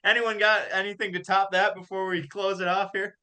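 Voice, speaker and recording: A young man hosting a hockey podcast, telling a story in a casual, animated way and laughing as he goes. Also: sits high, a little fast, clean tone. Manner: animated, laughs through his stories. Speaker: podcast host and college golf coach.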